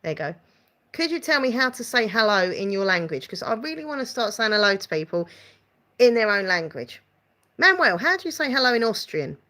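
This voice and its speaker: Bright, chatty Essex woman. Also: mid-range voice, sing-song, a little fast. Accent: Essex English. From England. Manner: chatty and rambling, reads out viewer comments. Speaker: live-stream host. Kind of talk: casual live-stream chat.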